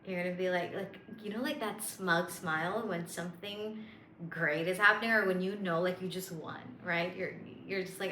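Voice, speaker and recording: A woman's voice: fairly low pitch, moderate pace, bright, forceful tone, roomy sound, a little hiss or hum. A woman coaching viewers on manifestation in a chatty, playful way, with lots of fillers and self-amused asides. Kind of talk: casual spiritual coaching monologue.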